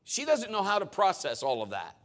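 A middle-aged man preaching a sermon as a pastor, telling stories in an animated way with big swings in his voice. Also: a little fast. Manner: animated storytelling with lively swings in pitch.

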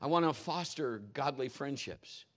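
A middle-aged man preaching a humorous sermon in a church, animated and jokey, laughing often and swinging between loud and soft. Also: mid-range voice, a little slow. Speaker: pastor.

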